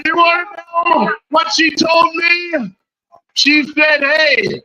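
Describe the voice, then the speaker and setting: A man's voice: extremely high pitch, slow, pushed and bright, a little hiss or hum, poor audio. A man cutting a brash wrestling promo, trash talking and taunting.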